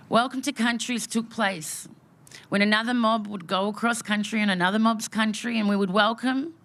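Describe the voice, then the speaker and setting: At an outdoor memorial gathering, an Australian woman gives a heartfelt, emotional welcome speech built on rhythmic repeated phrases. Her voice is medium-pitched with a fairly bright tone.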